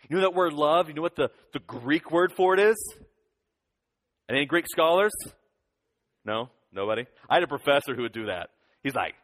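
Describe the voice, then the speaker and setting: A man in his thirties giving a lively children's sermon, leading the kids in call-and-response. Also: on the high side, normal speed, long pauses. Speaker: children's pastor. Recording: long hall reverb.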